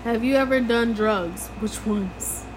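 A young woman co-hosting a casual home podcast, teasing her partner and giggling a lot. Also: fairly high pitch. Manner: teasing, giggly, slow and drawn out. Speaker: podcast co-host. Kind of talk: casual chat. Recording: noisy home recording.

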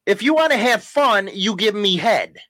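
A man's voice: high voice, animated, normal speed, sharp tone, dry recording. A man co-hosting a casual podcast with his wife, ranting and teasing with plenty of profanity. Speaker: podcast co-host. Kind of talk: casual banter.

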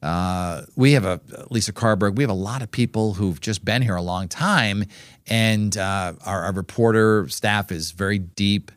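Middle-aged anchorman trailing off softly. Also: lowish voice, moderate pace, no room sound, clean studio sound. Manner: hesitant fillers, voice drops quieter at phrase ends. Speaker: TV news anchor. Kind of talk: casual chat. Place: TV station studio.

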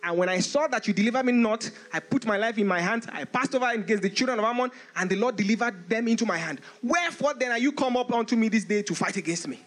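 A male pastor preaching a lively sermon, reading scripture aloud in old-style English and laughing often. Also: high-pitched, fast talker, few pauses.

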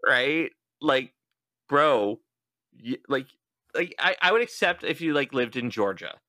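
A young adult man hosts a casual podcast chat and tells his story with lively energy. He acts out every quoted line. His voice is bright and forward, and it is recorded close and dry. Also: mid-range voice, unhurried, no room sound. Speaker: podcast host.

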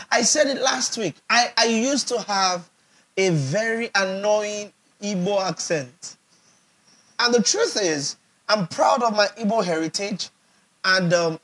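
A man's voice: sits high, a bit bright, slight background noise. A Nigerian pastor preaching a sermon, emphatic and repetitive, often checking whether his audience understands. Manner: emphatic, repeats phrases for effect, asks the audience questions.

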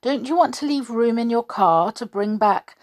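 A woman performs a lively female cartoon duck in a coaxing mood, lightly acted and pitched above her own voice. The voice is fairly high at a normal speed, recorded dry with clean studio sound.

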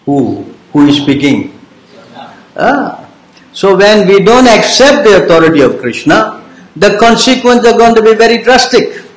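A man's voice: high voice, very animated, unhurried, reverberant, poor audio. A man teaching a devotional class, informal and teasing, who keeps checking with his listeners by asking "yes?" and "understand?" after each point. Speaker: religious teacher.

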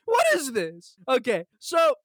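A man's voice: extremely high pitch, wildly swooping pitch, unhurried, a bit bright, no echo, clean studio sound. A man hosting a podcast, ranting in a sarcastic, theatrically indignant way as comedic banter. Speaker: podcast host.

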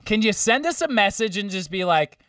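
A man's voice: high-pitched, very animated, brisk, a bit bright, no echo, studio quality, recorded from a distance. A man co-hosting a podcast, bantering casually in a laid-back, profane way. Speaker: podcast co-host. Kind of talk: casual chat.

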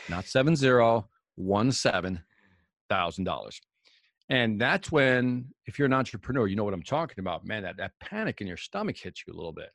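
A man with a gravelly, somewhat low voice talks briskly in a dry recording. He is a casual guest storyteller in an interview chat, animatedly acting out dialogue and voicing the people in his anecdotes.

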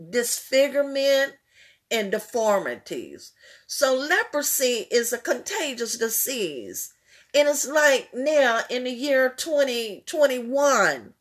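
A woman preaching a sermon, fervent and repetitive, building into emotional crying out. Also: high-pitched.

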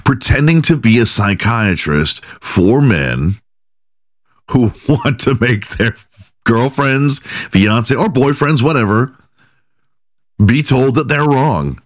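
A man's voice: medium pitch, lively intonation, takes it slowly, dry recording, clean studio sound. A man hosting a solo comedy podcast, talking crudely and profanely with frequent laughing asides. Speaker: podcast host. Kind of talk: comedic monologue.

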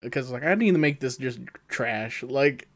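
A man's voice: medium pitch, lively intonation, unhurried. A man co-hosting a casual podcast, rambling with many fillers and chuckling mid-sentence. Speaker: podcast co-host. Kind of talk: casual chat.

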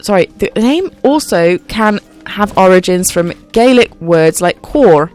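A woman's voice: medium pitch, animated, a little slow, darkish tone, faint music behind. A woman on a casual radio chat show, quizzing the others in a chatty way. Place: radio studio.

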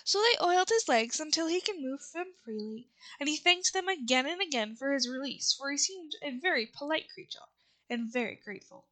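A woman reading a children's novel aloud in a steady, unhurried way, with small slips now and then. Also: sits high. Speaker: reader.

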